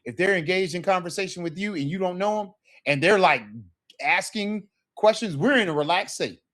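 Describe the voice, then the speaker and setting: A man's voice: high-pitched, moderate pace, a bit bright. A man teaching a casual Spanish lesson, talking loosely and checking in with "right?" as he acts out sample phrases.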